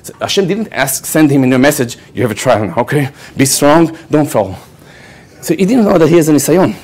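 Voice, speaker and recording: Animated man telling a Torah story. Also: a little high, fairly quick. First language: Hebrew. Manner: animated storyteller who acts out quoted voices and keeps asking "okay?". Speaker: rabbi giving a lecture. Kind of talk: storytelling Torah lecture to a live audience.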